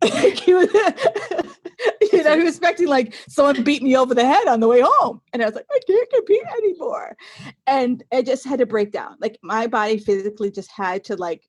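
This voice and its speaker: Brief: woman in her 40s, a podcast guest, lively storyteller, slightly high voice. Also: brisk, no echo. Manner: animated storyteller, acts out quotes. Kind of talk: casual podcast interview.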